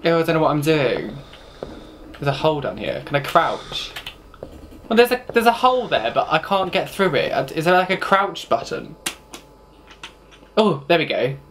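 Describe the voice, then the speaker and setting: Brief: male gaming host, horror playthrough, skittish and foul-mouthed, lively swooping pitch, noisy recording. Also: moderate pace, long pauses. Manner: jumpy, swears, nervous laughter and shrieks. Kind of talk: horror game playthrough commentary.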